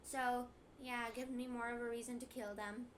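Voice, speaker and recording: Young woman, high voice, chatty rambling asides, faint background noise. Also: flat delivery, moderate pace. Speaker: co-host interjecting off camera. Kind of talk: casual chat.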